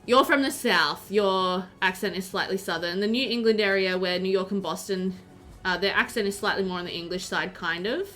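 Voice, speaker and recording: Chatty Australian woman, bright voice. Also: medium pitch, normal speed, faint music behind. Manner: rambling, chatty, many fillers like "like" and "um". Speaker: game streamer. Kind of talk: casual chat while live-streaming a game.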